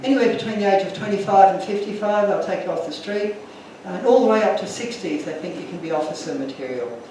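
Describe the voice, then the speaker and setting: A man's voice: high-pitched, fast, dark tone, heavy reverb, recorded from a distance, slight background noise, low-quality recording. A man giving an earnest, emotional talk to an audience, telling stories from his slides. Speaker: guest speaker.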